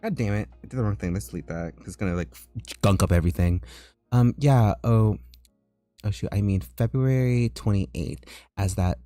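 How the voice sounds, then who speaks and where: A man streaming as an artist, chatting casually as he works and breaking into high squeals of disgust and laughter. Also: moderate pace, dark tone, no room sound, soft background music. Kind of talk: casual live-stream chat while drawing.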